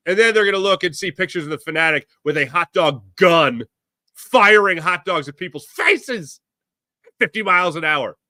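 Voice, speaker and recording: A man hosting a solo sports talk show, ranting in an animated way and putting on voices for the people he quotes. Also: fairly high pitch, dry recording, clean studio sound. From Philadelphia area.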